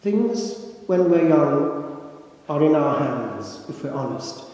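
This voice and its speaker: An older man, a priest, delivering a sermon as slow, reflective storytelling with dramatic pauses, recorded in a church. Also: on the high side, sing-song, a little mellow. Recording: echoey church with long reverb.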